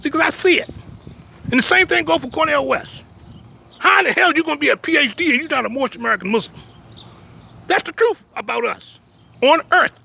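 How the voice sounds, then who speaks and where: High, gravelly preaching man. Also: sharp tone, a little hiss or hum. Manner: emphatic, repeats "you understand me?"; blunt, streetwise, jokes between points. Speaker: religious teacher. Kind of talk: preaching talk.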